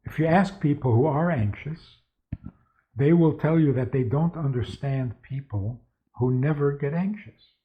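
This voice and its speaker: A man's voice: on the high side, a little slow. A man who is a rabbi, giving a spoken lecture with stories and asking rhetorical questions. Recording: tinny phone-like sound.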